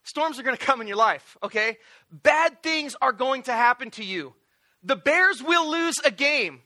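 A male pastor preaching a sermon in an animated, joking storytelling way, acting out little voices. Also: very high voice, a little slow.

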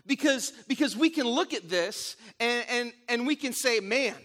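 A middle-aged man preaching a sermon, telling stories in an animated way with frequent restarts. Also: extremely high pitch, moderate pace. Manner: animated storytelling with repeated restarts. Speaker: pastor.

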